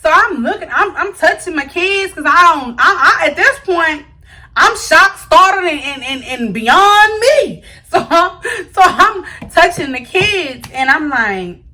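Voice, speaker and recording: A young woman vlogger telling a storytime story to her viewers in an animated, slangy way. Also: very high-pitched, unhurried. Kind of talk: storytime vlog.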